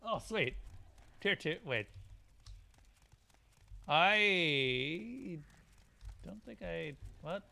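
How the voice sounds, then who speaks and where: A man's voice: on the high side, lively intonation, very slow, gravelly, pauses often, bright, forceful tone. Wry man commentating a game stream. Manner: wry, grumbling asides. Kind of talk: casual gameplay commentary.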